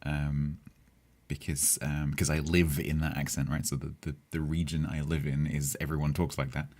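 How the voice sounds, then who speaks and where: Brief: game streamer, male, Southeast English accent, very low voice, chatty and rambling, reads chat aloud. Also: little pitch movement, moderate pace, darkish tone. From Southeast England. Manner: rambling, chatty, with hesitations and laughs. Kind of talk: casual live-stream chat with viewers.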